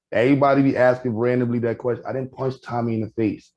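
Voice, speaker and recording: A man's voice: mid-range voice, fast, lo-fi sound. A man telling stories in a casual podcast chat, acting out what people said. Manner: storytelling, animated, acts out quotes.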